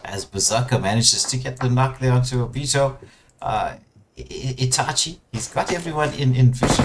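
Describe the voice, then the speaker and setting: A man casts an online shooter tournament live, talking through the fights with plenty of fillers and sudden jumps in excitement at big plays. His voice sits in a middle register. Steady noise runs clearly under the whole recording. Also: medium pitch, moderate pace. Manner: excitable play-by-play with frequent fillers and bursts of excitement. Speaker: esports caster. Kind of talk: live game commentary.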